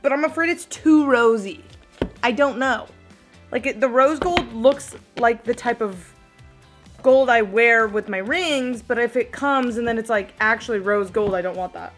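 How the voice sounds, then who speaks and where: Bubbly, chatty young woman vlogger. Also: a little high. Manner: chatty, bubbly, says "like" often. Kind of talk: casual vlog chat. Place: at home, then at a gym.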